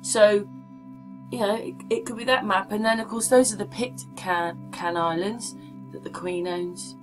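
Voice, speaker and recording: A woman with a mid-pitched voice talks casually to her viewers, rambling from one point to the next. She keeps asking questions like she's chatting with a friend. Soft music sits faintly underneath. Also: steady tone, unhurried. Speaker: vlogger. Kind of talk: casual rambling commentary over maps.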